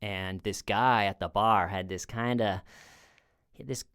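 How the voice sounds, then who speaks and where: A man's voice: lowish voice, fairly even intonation, unhurried, a bit bright, clear, resonant tone. A man in his thirties, a comedian, casually telling a rambling true-crime story at home, often restarting his sentences. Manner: rambling, with many restarts, acting out quoted people.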